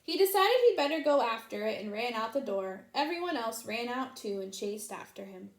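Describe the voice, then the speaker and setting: A woman reading a children's picture book aloud in an expressive, sing-song storytelling manner. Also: a little high, moderate pace. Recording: roomy echo.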